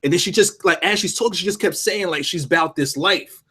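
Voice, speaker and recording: A man's voice: high voice, fairly quick, husky. A young man in a casual podcast chat, telling a long anecdote with many restarts and some swearing. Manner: animated storyteller, lots of restarts and swearing. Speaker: podcast co-host.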